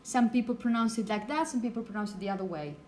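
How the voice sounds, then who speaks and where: A woman's voice: mid-range voice, fast, a little mellow. A woman from Spain with a Spanish accent and Spanish as her first language, giving a phonetics lecture in a classroom and often checking in with "okay?". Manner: explanatory, frequent checking "okay?". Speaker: teacher.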